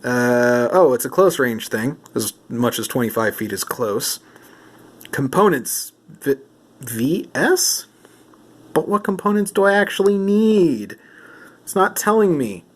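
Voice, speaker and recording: A man's voice: mid-range voice, big pitch swings, slow pace. Man in a mock-serious comedic monologue. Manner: mock-serious, theatrical, asks questions to a silent companion. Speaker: vlogger. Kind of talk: comedic monologue while reading rulebooks.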